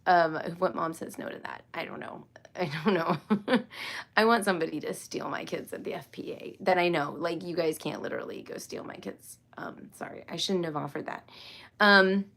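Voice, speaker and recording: A woman's voice: on the low side, moderate pace, vocal fry, a bit bright. Giggly rambling woman livestreaming. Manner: rambling, giggly, apologetic and self-interrupting. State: tired and loopy after a long workday. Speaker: homeschool livestream host. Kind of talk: casual livestream chat with viewers.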